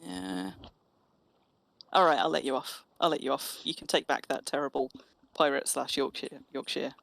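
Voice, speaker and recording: A woman's voice: very deep voice, lively intonation, normal speed, gravelly, a bit bright. A woman chatting casually and teasingly while streaming an online game. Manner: chatty, teasing, restarts phrases. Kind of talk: casual gaming chat.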